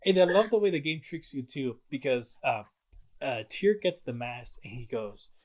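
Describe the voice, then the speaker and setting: A man's voice: medium pitch, normal speed. Man, mid-range voice, laid-back podcast co-host, chatty recaps. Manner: relaxed recapping with fillers and laughs. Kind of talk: casual chat.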